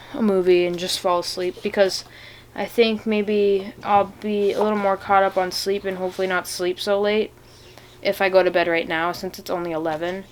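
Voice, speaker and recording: A young woman chatting casually in a reading vlog, rambling and gushing with lots of fillers. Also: mid-range voice. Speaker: vlogger.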